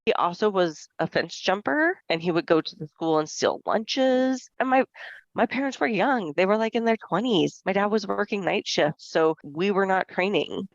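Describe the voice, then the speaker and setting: Lively storytelling woman, dull dry audio. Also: medium pitch, moderate pace, no echo. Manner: lively storyteller who acts out quoted voices. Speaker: podcast co-host. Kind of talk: casual chat.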